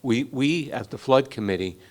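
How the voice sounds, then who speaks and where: At a moderate pace, this middle-aged man talks in an expressive, mid-range voice. He leads a community meeting for a flood committee, keeping it conversational and informal as he invites residents to speak in a Q&A.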